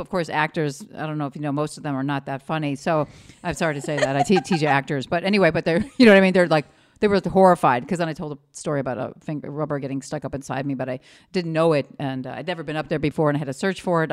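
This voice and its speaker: A woman's voice: sits low, rapid-fire. A woman guest in a casual interview, telling rambling personal stories, breaking off mid-sentence and laughing often.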